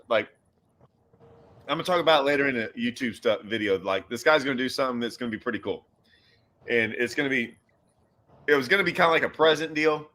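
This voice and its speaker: A man's voice: medium pitch, fast talker, long pauses, bright, forceful tone. A man hosting a casual fishing chat, rambling with restarts and loose asides. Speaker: host.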